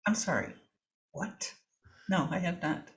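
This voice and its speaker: A woman's voice: lowish voice, big pitch swings, a little slow, a bit bright. A woman comedian guesting on a podcast, chatting casually with self-deprecating, anxious, dry humor. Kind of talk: casual chat.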